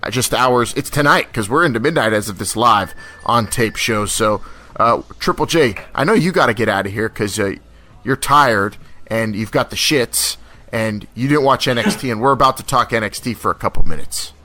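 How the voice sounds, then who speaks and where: A man's voice: mid-range voice, normal speed, sharp tone. A man hosting a casual wrestling podcast, joking and teasing his co-hosts. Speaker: podcast host.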